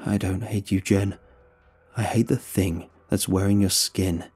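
A man voicing a frightened father who speaks quietly with a shaky but firm voice. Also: deep voice, flat delivery, a little slow, husky, faint music behind, exaggerated voice. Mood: tense. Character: frightened grown man confronting his lost daughter.

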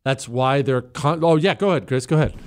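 A man's voice: medium pitch, brisk, a little mellow. A man hosting a talk show, delivering an opinionated, emphatic monologue that rambles with plenty of fillers.

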